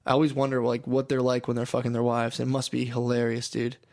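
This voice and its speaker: Profane laughing young podcast host. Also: male voice, mid-range voice, monotone, fast talker, gravelly, crowd noise. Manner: profane, joking, laughs often. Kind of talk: casual crude chat.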